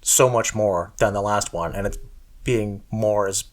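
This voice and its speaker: Low-voiced chatty man on a car podcast. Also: a little slow. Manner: chatty, self-deprecating, lots of fillers. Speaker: podcast co-host. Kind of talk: casual podcast chat.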